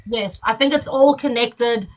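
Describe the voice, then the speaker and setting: Lady hosting a live chat, kinda high voice, emotional, cusses a lot. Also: unhurried, slight background noise, rough recording. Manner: blunt, swears, emotional.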